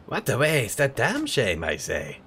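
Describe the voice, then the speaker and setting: A man's voice: medium pitch, wildly swooping pitch, unhurried, bright, forceful tone, slight background noise, heavily acted. A man voicing an older male street brawler mentor with a put-on French accent, talking in a grandiose, lecturing way.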